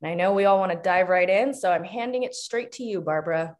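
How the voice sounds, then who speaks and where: A woman introducing a bookstore author event, brisk and upbeat. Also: lowish voice.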